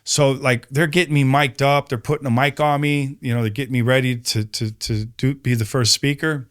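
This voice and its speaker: A man telling a personal story in casual conversation, animated, acting out quoted voices and peppering his speech with fillers. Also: normal speed, smooth. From Chicago, USA. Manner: animated storyteller, acts out quotes with rising pitch, many fillers. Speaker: podcast guest.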